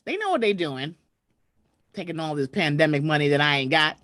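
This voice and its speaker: A woman hosting a casual livestream from home, chatting and shouting out viewers over a video call mic. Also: low voice, lively intonation, a little fast, no room sound. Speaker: host. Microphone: computer mic on a video call.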